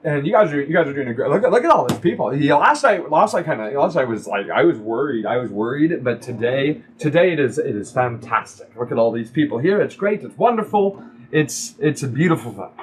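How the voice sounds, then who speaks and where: A man's voice: mid-range voice, big pitch swings, brisk, slight background noise, natural voice. A man doing a rambling drunk innkeeper. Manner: rambling, slurred, effusive. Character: drunk, boastful male tavern owner.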